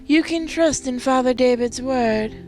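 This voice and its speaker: A woman reading a calm, devout young nun. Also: high voice, a little slow, over music. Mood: assuring.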